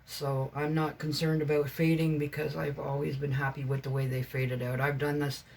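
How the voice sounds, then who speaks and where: A woman's voice: low voice, little pitch movement, moderate pace, creaky, darkish tone, a little hiss or hum. A woman vlogger chatting casually about her crafts, meandering and chatty with many fillers and self-corrections. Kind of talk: casual rambling vlog chat.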